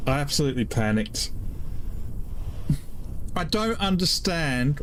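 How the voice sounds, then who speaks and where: A man's voice: mid-range voice, animated, measured pace, a little hiss or hum. Older British man, baffled muttering. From United Kingdom. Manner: baffled, muttering to himself with trailing half-sentences. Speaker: gaming streamer. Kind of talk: live gameplay commentary.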